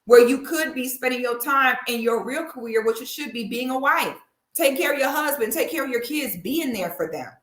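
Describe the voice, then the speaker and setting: A woman's voice: sits high, expressive, normal speed, a bit bright, roomy sound. A woman giving blunt, opinionated commentary in a sassy, preachy way. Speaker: commentary vlogger.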